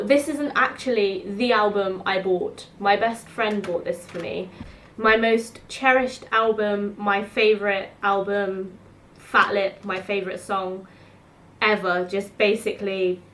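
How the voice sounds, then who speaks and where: A woman's voice: medium pitch, steady tone, takes it slowly, a bit bright, a little hiss or hum. A woman, telling rambling stories to camera in a chatty way, full of "like". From South East London. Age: 20s. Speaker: student vlogger. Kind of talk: casual storytelling to camera.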